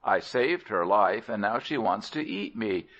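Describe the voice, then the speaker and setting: A desperate man pleads earnestly for his life, as a male narrator reads his part in a storybook. The low voice moves slowly with a lively rise and fall. The sound is muffled and lo-fi. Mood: pleading. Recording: dull lo-fi recording.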